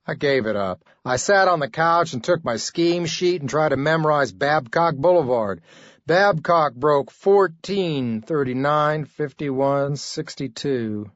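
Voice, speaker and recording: A man's voice: on the high side, lively intonation, unhurried, no room sound, muffled recording. A man reading an audiobook as its narrator, in a laconic, dry delivery. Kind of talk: scripted narration.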